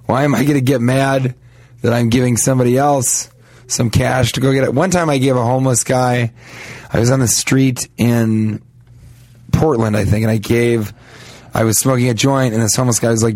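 A man's voice: medium pitch, fairly even intonation, fairly quick, darkish tone, dry recording. Comic podcast co-host, male, rambling storyteller with mocking asides, dry close sound. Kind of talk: casual comedic banter.

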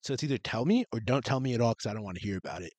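A young man co-hosting a casual podcast, blunt and swearing, often trailing off quietly. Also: mid-range voice, lively intonation, very fast, no room sound. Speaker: podcast co-host. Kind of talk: casual chat.

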